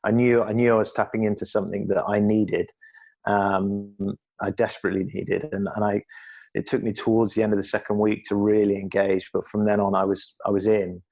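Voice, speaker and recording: A man's voice: lowish voice, flat delivery, a little fast, gravelly, darkish tone. A middle-aged man from England speaking as a podcast guest, earnest and reflective, often restarting his sentences. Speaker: podcast guest, former athlete. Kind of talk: candid conversational interview.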